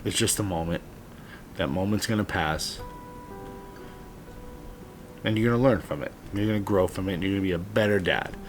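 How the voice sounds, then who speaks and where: A man's voice: low-pitched, normal speed, long pauses, faint music behind. A man in his late thirties, a father giving heartfelt, earnest advice to other dads, sometimes blunt and swearing. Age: 30s. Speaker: father vlogger. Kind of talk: heartfelt personal monologue.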